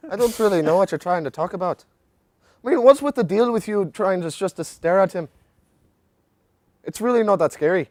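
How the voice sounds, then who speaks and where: A man's voice: high voice, animated, fairly quick, long pauses, a little mellow, dry recording. A young man putting on an Irish accent for a joke, rambling in mock indignation. The recording is dry and close. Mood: mock-indignant.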